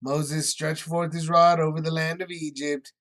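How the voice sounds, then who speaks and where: A man's voice: on the high side, flat delivery, normal speed, fairly bright tone. A man leading a casual Bible study, explaining scripture in everyday words with lots of fillers.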